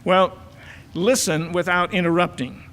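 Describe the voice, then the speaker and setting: A man's voice: high voice, fairly even intonation, a little slow, a bit bright. An older man, a church elder giving a folksy family-life talk full of filler words. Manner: folksy, many filler uhs and repeated words. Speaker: church elder and marriage counselor. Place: church auditorium. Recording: church hall reverb.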